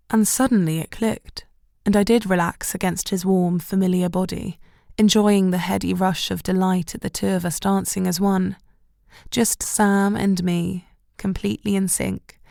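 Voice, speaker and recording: A woman's voice: mid-range voice, creaky, darkish tone, dry recording, studio quality. A woman narrating a romantic novel in the first person as an audiobook.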